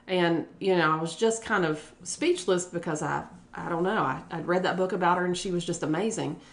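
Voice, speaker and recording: Earnest lower-voiced woman telling stories. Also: a little fast. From West Virginia. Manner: earnest, lively, voices other people when quoting them. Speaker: elementary school principal, guest. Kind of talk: casual conversational storytelling.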